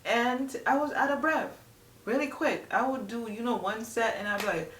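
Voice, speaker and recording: A woman's voice: fairly high pitch, normal speed, a bit bright. A young woman chats casually to her viewers, rambling and filling gaps with "like" as she goes. Her voice bounces around an echoey room and sounds a little distant from the mic, with a faint hum of room noise under it. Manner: chatty, rambling, lots of "like". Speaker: vlogger. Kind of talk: casual chat to camera.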